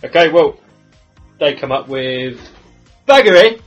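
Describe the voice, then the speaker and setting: A man's voice: medium pitch, moderate pace, fairly bright tone, husky, highs cut off, soft background music. A man hosting a podcast, leading the segments in a playful, casual way. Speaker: podcast host.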